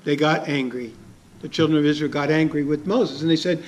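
A man's voice: fairly high pitch, fairly even intonation, a little fast. A man preaching a sermon as a pastor, conversational and chuckling, asking his listeners questions.

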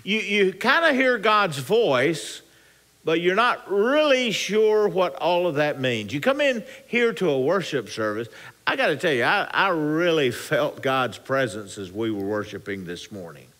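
A man preaching a sermon as pastor, with animated, rising and falling emphasis and frequent restarts. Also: fairly high pitch, a little slow.

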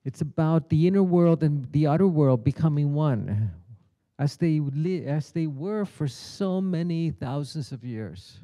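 A middle-aged man speaks at a conference keynote with a sharp, strained brightness to his tone and a slightly high pitch. He teaches in a storytelling way and briefly acts out the voices in his parable. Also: expressive, a little slow. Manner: storytelling, acts out the characters' lines. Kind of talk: spiritual teaching talk. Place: conference hall.

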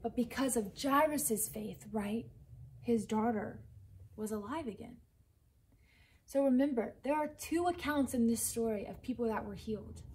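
A young woman teaching a children's church lesson, telling a Bible story in a lively way and often checking in with "right?". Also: on the high side, measured pace, slight background noise, poor audio.

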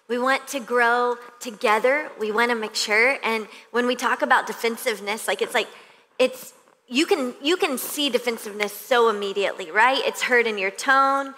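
A female pastor preaches earnestly, building her points through repetition. Her voice is bright and set slightly high. The long reverb of a large church hall trails each phrase. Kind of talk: sermon. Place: church stage.

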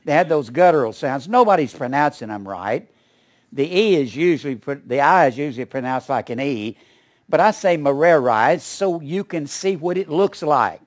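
A man's voice: on the high side, lively intonation, normal speed. An older man teaching a Bible study in a folksy, rambling way, with asides and small chuckles.

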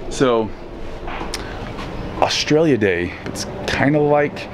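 A man's voice: medium pitch, animated, takes it slowly. A laid-back man vlogging a tour through a house, slangy and rambling as he walks the handheld camera around. His voice sits mid-range for a man. The sound bounces in an echoey room with a faint hiss behind it. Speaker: fitness vlogger. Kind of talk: casual vlog tour.

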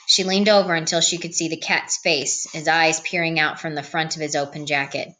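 A woman reading a novel aloud as an audiobook narrator, in a calm, even read-aloud manner. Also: low-pitched, a little fast, slight background noise. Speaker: audiobook reader. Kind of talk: storybook narration.

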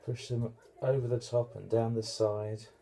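Flat, a little slow, gravelly and dark, this British home cook's medium-pitched voice carries a bit of hiss or hum on the recording. He hosts a casual cooking demo in his kitchen for his channel, chatty and joking at his own expense.

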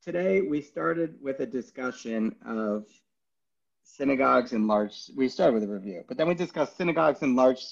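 A man teaching a Talmud class, loose and chatty, joking and thinking aloud with plenty of ums and uhs. His voice is a little husky and sits at a middle pitch. The audio sounds dull and lo-fi, like an online class. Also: lively intonation, moderate pace. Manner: casual, joking, thinks aloud with many fillers. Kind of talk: informal Talmud lesson.

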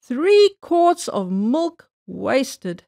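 A woman's voice: high-pitched, sing-song, extremely slow, gravelly, warm tone, no room sound, clean studio sound, full character voice. A woman voicing a stingy, bargain-loving housewife who talks in a fussy, scolding way in a children's storybook reading. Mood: vexed.

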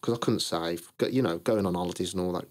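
A man's voice: deep voice, quick pace. A British man, a brand founder, casually tells his story in an interview, acting out old conversations and laughing at his own punchlines. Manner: lively, acts out both sides of past conversations. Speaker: clothing brand founder, podcast guest.

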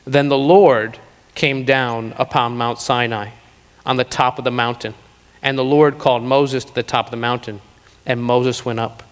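A man preaching a sermon to a congregation, slowing down to stress key lines. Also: medium pitch, steady tone. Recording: long reverb of a hall.

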